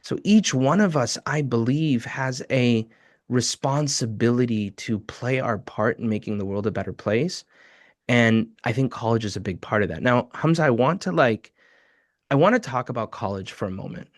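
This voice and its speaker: A man's voice: mid-range voice, moderate pace, dry recording, studio quality. A man co-hosting a live webinar over a video call, telling stories earnestly and building to emphatic lists. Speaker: webinar co-host.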